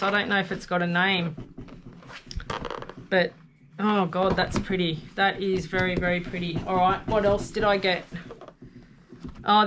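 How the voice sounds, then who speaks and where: A woman presenting a casual craft haul video, gushing and excitable as she shows off her finds. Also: medium pitch, noisy background. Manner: gushing, excitable, gasps and coos over paper. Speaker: craft vlogger.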